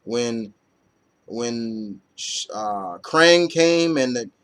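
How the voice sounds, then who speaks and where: A man's voice: medium pitch, lively intonation, extremely slow, a bit bright, clear, resonant tone. A man reviewing comic books in a loose, rambling chat full of fillers and casual swearing.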